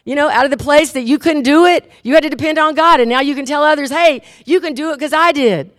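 A woman preaching a sermon and leading a closing prayer, lively and laughing at times, turning earnest and quiet when she tells a story. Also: high-pitched, fast talker, no echo, studio quality.

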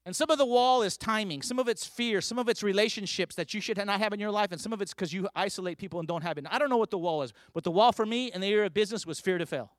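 A man's voice: high-pitched, rapid-fire, few pauses, dry recording, studio quality. A man preaching a sermon, telling stories and building to fervent emphasis. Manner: storytelling, rising to fervent emphasis.

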